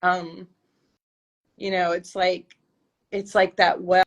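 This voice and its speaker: Woman, podcast co-host in a season of grief; reflective, halting delivery. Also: on the low side, little pitch movement. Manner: reflective, searching for words. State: grieving. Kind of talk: casual faith chat.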